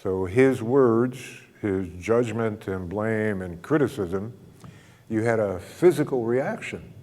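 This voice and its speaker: A man with a mellow, dark voice recounts a counseling session to a gathered group, slipping into both his own lines and his client's as he goes. He talks in a relaxed, chuckling way, and his voice carries a long reverb from a large hall. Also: lowish voice, takes it slowly. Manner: relaxed anecdotal storytelling, acts out both sides of dialogue, chuckles often. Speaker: speaker telling a counseling story. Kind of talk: storytelling talk to a group.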